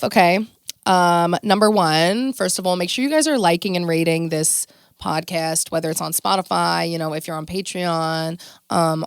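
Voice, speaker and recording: A woman hosting her own podcast, giving a casual motivational monologue in a blunt, animated way and swearing freely. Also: mid-range voice, clean tone, dry recording, studio quality. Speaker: podcast host.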